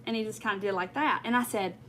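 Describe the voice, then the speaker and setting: Bright, chatty woman telling a story. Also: mid-range voice, fast talker, a little hiss or hum. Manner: rambling, emphatic, talks straight to viewers. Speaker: crafting channel host. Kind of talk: chatty storytelling while crafting on a livestream.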